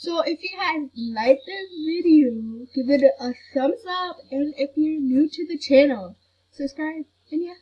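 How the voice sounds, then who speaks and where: A woman's voice: sits high, a little slow, highs cut off. A woman hosting a gaming channel, chatting casually over gameplay and grumbling that she is not mad. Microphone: computer recording mic.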